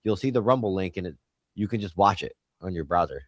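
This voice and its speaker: A man's voice: sits low, animated, fast, no room sound. A man in casual podcast chat, rambling and argumentative, swearing often. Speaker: podcast host.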